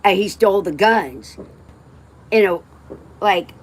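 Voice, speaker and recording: A woman's voice: medium pitch, expressive, slow pace, slight background noise. Blunt woman telling stories. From West Texas. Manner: blunt and emotional, swears freely, drifts off topic. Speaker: livestreamer. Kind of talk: rambling personal storytelling.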